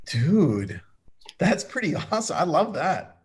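Upbeat, slightly high-voiced man hosting. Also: sing-song, a little slow, husky. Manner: upbeat, enthusiastic, storytelling. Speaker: webinar co-host. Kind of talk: casual webinar chat.

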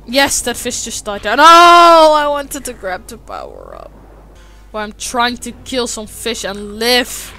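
A woman giving let's play commentary over a game she hosts, swearing a lot and often breaking into shouted, frustrated outbursts. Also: on the high side, big pitch swings, slow pace. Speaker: gaming video host.

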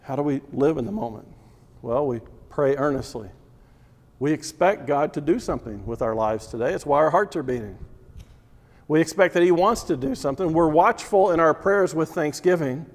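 A male Bible teacher delivers a sermon at a moderate pace, preaching emphatically with repetitive phrasing and pointed rhetorical questions. His voice is slightly high for a man, and the long reverb of a big hall rings around him.

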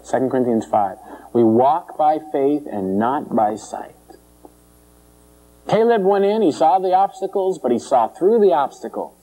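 A man preaches an informal sermon, his voice swinging up and down in pitch. The tone is mellow and dark. He slips into high mocking voices and chuckles between points. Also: unhurried, poor audio. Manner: animated, jumps into high mocking voices for complainers.

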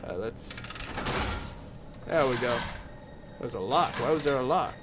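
A young man commenting on a game he is playing, with loud, jokey, excitable reactions. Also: mid-range voice, measured pace, background noise. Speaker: gaming channel host. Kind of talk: let's play commentary.

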